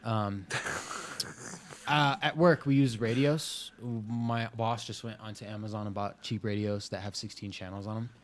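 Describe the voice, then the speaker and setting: A young man co-hosting a casual podcast, telling a story in an animated, laughing way. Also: lowish voice, measured pace, a little hiss or hum. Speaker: podcast co-host.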